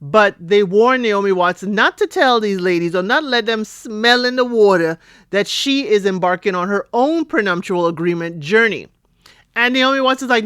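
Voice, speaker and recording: A middle-aged woman hosts a podcast, casually recapping a TV episode in a chatty, animated way, acting out characters' lines in quotes and dropping playful asides and laughs. Her medium-pitched voice is clear and resonant, at a moderate pace, in a clean, echo-free studio recording.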